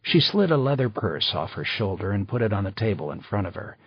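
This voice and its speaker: A man reading audiobook narration in an even, measured way. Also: lowish voice, husky, no room sound. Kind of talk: scripted narration. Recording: slightly dull dry recording.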